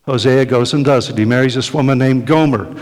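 A middle-aged man preaching a sermon in a conversational way, often checking in with "right?" and acting out quoted speech with big swings in loudness. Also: mid-range voice, brisk. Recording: long hall reverb.

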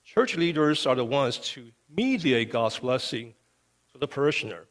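A man's voice: medium pitch, big pitch swings, normal speed. A male pastor preaching a sermon with emphasis, often checking in with "okay". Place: church sanctuary. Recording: long reverb of a church hall.

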